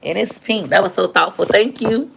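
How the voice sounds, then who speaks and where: Gravelly, chatty woman vlogger. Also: medium pitch, moderate pace, noisy background. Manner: chatty, playful, talks to viewers while unboxing. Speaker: vlogger opening fan mail. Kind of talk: casual chat. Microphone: phone propped on a stand.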